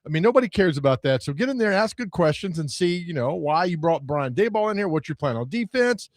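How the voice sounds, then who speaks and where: A man co-hosting sports talk radio, his voice riding high and swinging widely as he jokes around. The studio sound is dry and close. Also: quick pace, no room sound. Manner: animated, jokey, breaks into mock voices. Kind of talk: casual sports radio banter. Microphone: studio microphone.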